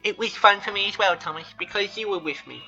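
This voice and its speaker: A bright, sweet, gentle young girl, as a man puts her on in a high falsetto. She speaks softly and shyly. The sound is a little dull. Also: fast, creaky, soft background music, full character voice.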